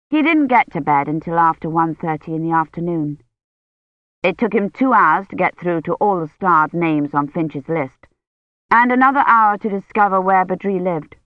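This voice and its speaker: An audiobook narrator reading a novel at a steady, even pace, with a voice of middling pitch. The recording is muffled, with a dry booth sound and no room echo. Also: normal speed. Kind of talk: scripted narration.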